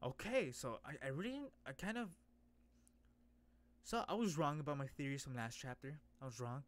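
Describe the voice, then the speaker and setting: A man streaming a casual comic readthrough, reacting excitably with gasps and exclamations. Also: mid-range voice, normal speed. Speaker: streamer reading a webtoon.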